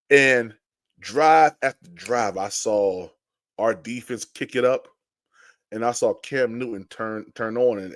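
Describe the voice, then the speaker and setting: A man hosting a fan podcast, telling stories in a lively, casual way with many restarts and greeting chat viewers. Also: medium pitch, no echo, clean studio sound. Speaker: podcast host. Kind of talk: casual live-stream chat.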